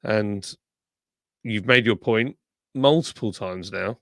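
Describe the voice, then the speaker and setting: Nursing a sore tongue, this man hosts a live stream, talking casually and reading out viewer comments. His voice is lowish and he takes it slowly, with no room sound.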